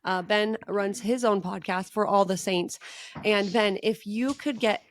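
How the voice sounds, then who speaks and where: A woman's voice: medium pitch, measured pace, slight background noise. Enthusiastic woman podcast host. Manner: warm, effusive, enthusiastic. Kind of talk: faith podcast interview.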